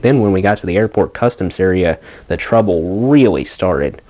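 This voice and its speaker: Low-voiced man reading a memoir. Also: animated, moderate pace, darkish tone. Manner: casual storytelling read. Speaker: audiobook reader. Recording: dull lo-fi home recording.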